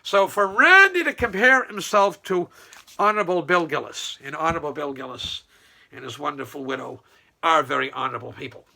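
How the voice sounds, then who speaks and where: A man ranting casually about local politics, rambling and scornful, with loud mocking outbursts. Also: a little high, lively intonation, fairly quick, vocal fry. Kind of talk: casual political rant to camera.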